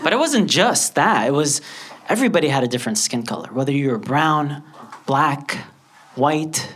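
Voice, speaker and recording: A man from Lebanon doing an animated stand-up comedy set, often leaping into high put-on voices. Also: normal speed. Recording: loud background noise.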